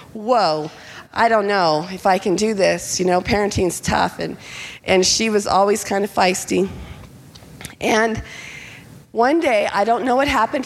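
A middle-aged woman pastor telling a personal story in a sermon, animated and acting out the voices of the people in it. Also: a little high. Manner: animated, acts out quoted voices. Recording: long hall reverb.

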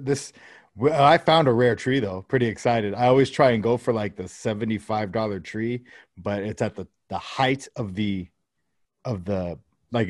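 A man's voice: mid-range voice, dry recording, clean studio sound. A man, likely in his thirties, telling a rambling, profane story about his kids in casual chat. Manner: rambling, profane anecdote-telling with quoted dialogue.

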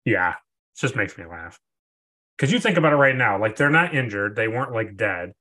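A man co-hosting a podcast, recapping a TV episode in casual chat and acting out scenes in a jokey, animated way. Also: lowish voice, normal speed. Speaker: podcast co-host.

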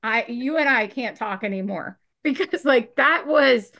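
A woman's voice: on the high side, expressive, unhurried, gravelly, fairly bright tone. A woman podcast co-host, a mother of teens, chatting casually, swearing freely and laughing often. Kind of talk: casual chat.

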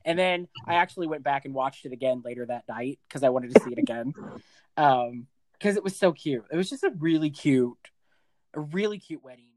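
An expressive host in a casual interview chat, gushing and laughing often. Their pitch swings in a lively way, and the sound is dry and close. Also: brisk, no echo.

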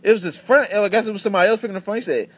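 A young man in his twenties talks alone into the mic as host of his own podcast, rambling through stories. His voice sits a little high for a man. He swears freely and keeps breaking off and restarting his sentences. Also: rapid-fire, husky, no room sound. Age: 20s. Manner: animated, profane storytelling with many restarts. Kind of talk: casual solo podcast rant.

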